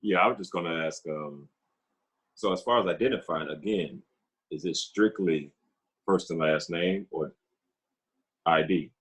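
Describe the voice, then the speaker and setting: A man's voice: low voice, measured pace, pauses often, fairly bright tone, slightly rough. A man in a class asking a hesitant, tentative question. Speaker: class student.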